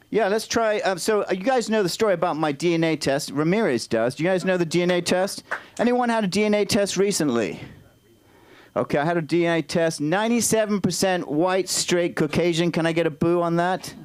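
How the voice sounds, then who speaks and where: A man with an English accent doing stand-up at an open mic, chatty and halting as he tries out new lines. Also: sits high, smooth. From Britain. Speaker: stand-up comic. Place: small comedy club stage.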